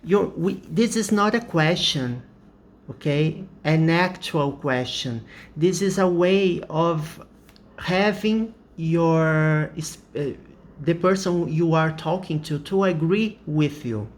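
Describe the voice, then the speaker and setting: Speaking with a Brazilian accent, this native Portuguese-speaking teacher walks through English grammar in a careful, deliberate way, often pausing to ask "okay?". His pitch is fairly high.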